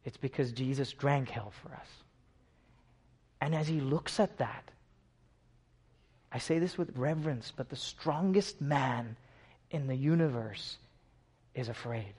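A middle-aged man from India preaching a sermon, swinging from hushed, slow lines to loud, emphatic peaks. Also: mid-range voice, breathy edge.

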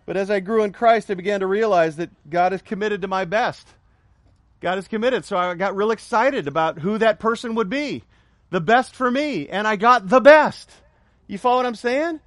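A man's voice: sits high, normal speed, no echo. A middle-aged male pastor preaching a sermon, with emphatic repetition, joking asides and call-and-response with his congregation.

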